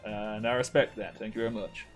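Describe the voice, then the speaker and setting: A man's voice: lowish voice, little pitch movement, a little fast, soft background music. Laughing, jokey game master man. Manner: jokey, laughs often, thinks aloud. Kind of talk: casual tabletop game narration.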